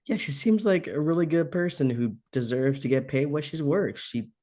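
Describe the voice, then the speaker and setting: A man's voice: fairly high pitch, lively intonation, moderate pace, mellow. A man in a casual horror podcast chat, talking thoughtfully with loose filler words.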